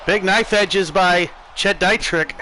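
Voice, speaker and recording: An American man calls a wrestling match on his stream with excitable play-by-play energy. His voice sits high for a man and rings bright and sharp. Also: slow, a little hiss or hum, rough recording. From United States.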